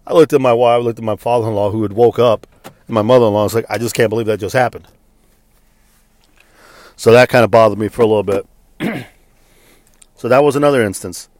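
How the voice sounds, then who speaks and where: A man's voice: medium pitch, quick pace, darkish tone, no room sound. A man from Texas telling a personal story in a frank, conversational way, with blunt swearing. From Texas, United States. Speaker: interviewee.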